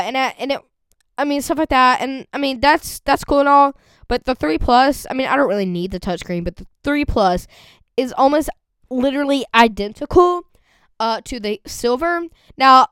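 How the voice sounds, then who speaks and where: A teenage girl chatting casually on a podcast, rambling and excitable, with a voice that cracks. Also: fairly high pitch, clear, resonant tone, no room sound. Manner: rambling and excitable, lots of fillers. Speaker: vlogger.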